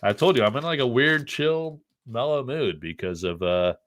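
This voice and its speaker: A man's voice: medium pitch, lively intonation, moderate pace, fairly bright tone. A middle-aged man from the United States hosting a casual live stream, joking, rambling and reading the chat aloud.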